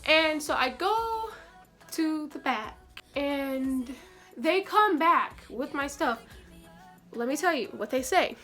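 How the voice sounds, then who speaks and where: A young woman telling a story in a casual, brash way, swearing freely and animated. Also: high-pitched, slow, soft background music. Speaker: vlogger.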